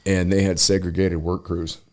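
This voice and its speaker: Casting note: low-voiced male podcast host, salty, animated storyteller, relaxed chat. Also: moderate pace. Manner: profane, animated, acts out quoted people.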